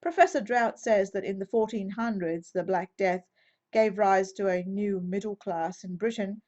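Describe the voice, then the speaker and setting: A woman's voice: mid-range voice, darkish tone. A woman with a mid-range voice gives a methodical, explanatory teaching talk as a Bible teacher. She moves point by point and sometimes restarts a phrase to correct herself. The recording is slightly muffled and lo-fi. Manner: measured, methodical explaining with occasional self-corrections.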